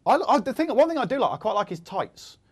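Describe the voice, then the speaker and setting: A man in his thirties hosting a casual studio chat, jokey and quick, with plenty of ums. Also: high-pitched, big pitch swings. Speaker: host.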